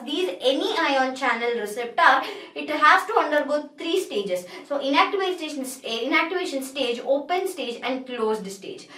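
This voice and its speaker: A woman's voice: high voice, fairly bright tone. A woman with an Indian English accent giving a pharmacology lecture, explaining step by step and often restating her points. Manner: explanatory, repeats and restates herself. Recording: echoey room, distant mic.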